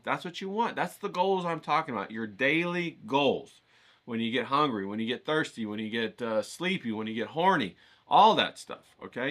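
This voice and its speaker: A man's voice: medium pitch, fairly bright tone. A man hosting his channel, chatting casually and energetically to viewers, rambling and firing off repeated questions to get them hyped. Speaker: host of an art challenge channel.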